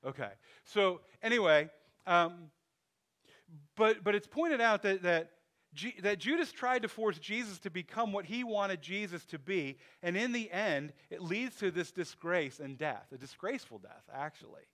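A man's voice: sits high, lively intonation, moderate pace, a bit bright. A man preaching a sermon in a loose, conversational way, thinking aloud with restarts and asides. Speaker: pastor.

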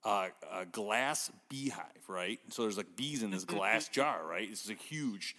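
A man's voice: lowish voice, expressive, measured pace, bright, forceful tone, in a large hall. A man hosting a podcast, chatting casually and rambling through stories with frequent laughs. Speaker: podcast host.

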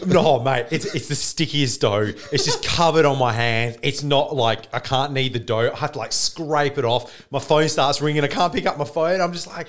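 In a studio, a man co-hosting a podcast tells stories in casual chat, laughing a lot and saying "mate" constantly. His voice is medium-pitched and a bit bright, moving at a moderate pace with few pauses.

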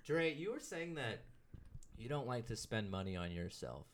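Very low-voiced woman teasing her co-host. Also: big pitch swings, moderate pace. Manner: teasing, quizzing, sarcastic. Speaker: podcast co-host. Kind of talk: casual chat. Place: home, at a table.

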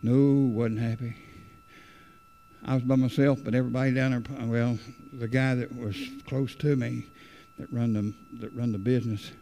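Male preacher, earnest and rambling, gravelly fry in the voice, church sermon. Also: medium pitch, level tone, normal speed, warm tone. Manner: earnest, rambling, repeats phrases.

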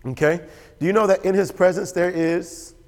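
A man preaching a sermon as pastor, animated and storytelling. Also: high-pitched, moderate pace. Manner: animated, storytelling with quoted voices and laughter. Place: church sanctuary. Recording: church hall with long reverb.

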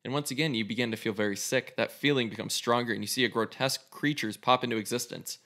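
A man casually reads a choose-your-own story aloud as its host, cursing freely along the way. He talks fast in a medium-pitched, bright, forceful voice with fairly even intonation.

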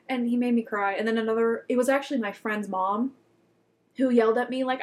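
A young woman co-hosting a casual podcast chat, telling stories with lively acted-out quotes. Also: a little high, fairly quick, long pauses. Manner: animated storytelling, acts out quotes loudly. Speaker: podcast co-host.

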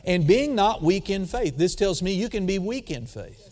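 A male preacher delivers a sermon in a fairly high voice that swings from booming, drawn-out emphasis down to soft, intimate asides. He keeps calling out to the congregation for an amen or a hallelujah. His voice carries a long reverb from a large church hall. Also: big pitch swings. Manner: calls for audience response.

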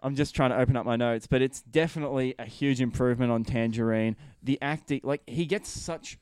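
A man's voice: medium pitch, fairly quick, a little mellow, smooth, dry recording, clean studio sound. A man talking about a film in a casual chat, enthusiastic and rambling, peppering his talk with "like" and swearing. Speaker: film reviewer.

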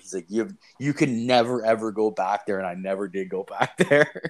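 Young adult male podcast host; casual, profane storyteller, mid-pitched, animated when quoting. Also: brisk. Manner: rambling, profane, animated retelling with quoted voices.

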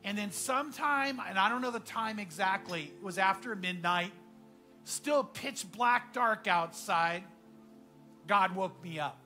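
Pastor guy giving a sermon, bright sharp voice, gets real quiet and earnest telling stories. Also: high voice, measured pace, faint music behind. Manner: earnest storytelling, often dropping to a hushed voice.

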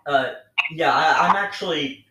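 A podcast host asks questions hesitantly in a casual interview, stammering now and then. His voice is on the high side with a sharp tone and a measured pace, recorded in an echoey room with faint noise.

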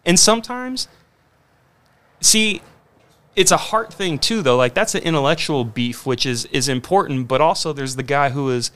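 A man co-hosting a podcast in casual chat, animated and profane, acting out quotes as he talks. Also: a little high, normal speed, smooth. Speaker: podcast co-host.

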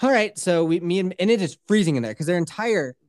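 Lively, profane woman telling stories. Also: on the low side, fast, dry recording, clean studio sound. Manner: swears freely and acts out other people's voices. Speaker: podcast co-host. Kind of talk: casual profane storytelling.

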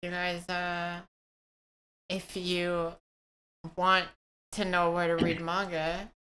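A woman co-hosting a casual podcast chat, joking dryly and pausing often on fillers. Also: lowish voice, monotone, sharp tone, clean tone. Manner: dry, joking, hesitant with fillers.

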